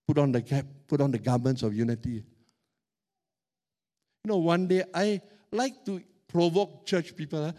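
A middle-aged man preaching a sermon as pastor, animated and emphatic, stretching out key words. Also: fairly high pitch.

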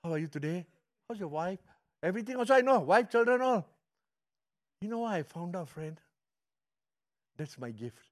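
A middle-aged man with a Malaysian English accent, preaching a sermon with animated storytelling that swings from loud to hushed. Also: high-pitched, normal speed, long pauses. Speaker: pastor.

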